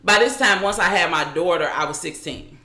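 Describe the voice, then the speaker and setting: A woman with a bright, forward voice tells her own story as an interview guest. She talks haltingly and often restarts her sentences, and her voice rings in an echoey room. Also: fairly low pitch. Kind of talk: recounting a personal story.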